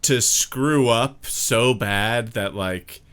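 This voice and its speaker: A man's voice: medium pitch, drawn-out words, crowd noise. A man co-hosting a livestream, chatting casually in a rambling, hesitant way and spinning jokes. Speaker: comedy troupe member co-hosting a stream. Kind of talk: casual chat.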